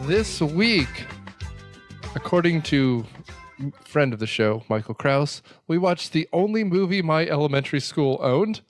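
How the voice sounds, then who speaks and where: A man's voice: fairly high pitch, lively intonation, a little slow, faint music behind. A man hosting a casual podcast, with a dry, teasing, sarcastic manner. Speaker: podcast host.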